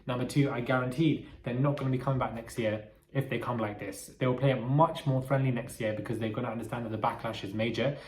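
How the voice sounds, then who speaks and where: A man's voice: mid-range voice, steady tone, quick pace, darkish tone, echoey room. A man giving casual, opinionated commentary on reality TV as a channel host. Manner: chatty, opinionated, breaks into laughter.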